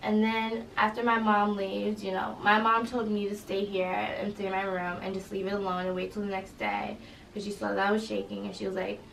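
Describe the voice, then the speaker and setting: A young woman, a college student, recounting an incident in an interview, halting and full of fillers. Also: medium pitch, creaky, fairly bright tone. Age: young adult. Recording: roomy echo, distant mic, faint noise.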